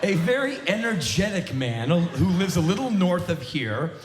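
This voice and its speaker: A man's voice: sits high, big pitch swings, normal speed, some chatter behind, slight background noise. A man in his forties performing a live comedic spoken word monologue, sardonic and emphatic, on a large theater stage. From United States. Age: 40s. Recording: roomy live theater recording.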